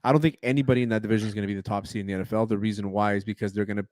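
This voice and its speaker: A man's voice: lowish voice, steady tone, rapid-fire, darkish tone, dry recording. A man co-hosting a casual sports podcast, blunt and cursing, tripping over his own words. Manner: blunt, stumbles and restarts, swears. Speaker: podcast co-host.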